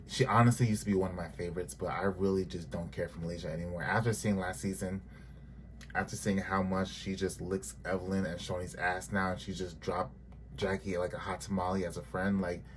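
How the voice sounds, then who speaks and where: A man's voice: low voice, fairly even intonation, a little fast, slight background noise. A man giving a casual, blunt and sassy recap of a reality TV episode, cursing freely. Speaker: TV show reviewer.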